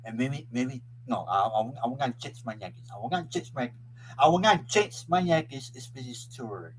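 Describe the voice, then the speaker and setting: A man hosting a casual live stream who keeps restarting and repeating his phrases and breaks into loud, excited sports chants. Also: mid-range voice, fast talker, slight background noise, low-quality recording. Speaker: host of a live web show.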